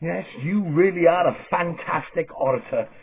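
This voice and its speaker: A man playing a smug male TV host gloating quietly off-air, a bit lower than his own voice. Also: normal speed, breathy edge. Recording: lo-fi phone-like sound.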